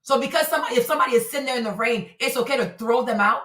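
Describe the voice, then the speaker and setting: A forty-something woman with a high, sharp voice calls out her audience on a live stream. She talks emphatically and confrontationally, as if arguing with the viewers. Her voice comes through a mic set well away from her, with a roomy echo. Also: racing. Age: 40s. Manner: emphatic, confrontational, repeats rhetorical questions. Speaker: streamer and commentator. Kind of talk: heated live-stream commentary. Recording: roomy sound from a distant mic.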